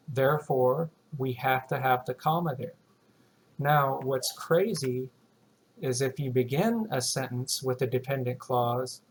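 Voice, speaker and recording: A man teaches a writing lesson at a measured, unhurried pace, stopping to read example sentences aloud. His voice sits at an ordinary middle pitch, with a faint hum of noise behind him. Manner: explains slowly and deliberately, reads example sentences aloud.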